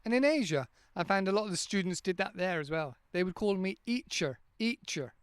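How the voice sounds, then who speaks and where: A man talks in a smooth, resonant voice pitched a little high for a man. He explains pronunciation patiently, sounding words out one at a time. The sound is dry and close, from a handheld microphone. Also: lively intonation, quick pace, no echo. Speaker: English teacher and podcast host. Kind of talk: casual podcast monologue.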